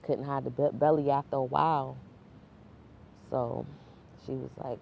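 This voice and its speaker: A woman's voice: extremely low pitch, fairly even intonation, measured pace, vocal fry, pauses often, a little mellow. A woman candidly telling her own life story to camera, slangy and full of asides. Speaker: vlogger.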